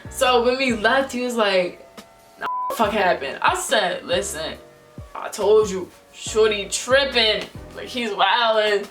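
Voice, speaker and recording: A woman's voice: medium pitch, unhurried, over music. A young woman vlogger telling a storytime in casual slang, acting out the people she quotes. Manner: animated, slangy, acts out quotes in different voices. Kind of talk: storytime vlog.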